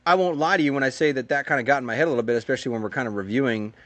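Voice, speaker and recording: An American man, a race car driver, telling stories in a casual interview, chatty and animated, with lots of fillers and acted-out quotes. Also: medium pitch, rapid-fire.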